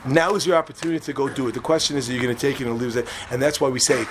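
A man teaching a religious class to students, lively and quick, acting out quoted speakers and firing questions at his listeners. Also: mid-range voice, noisy background. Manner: animated, quick, acts out quotes and quizzes listeners.

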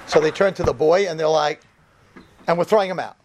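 A rabbi gives a humorous storytelling sermon to a room of yeshiva students, animatedly acting out the quoted dialogue. His voice is a little high and brisk, and the background is noisy.

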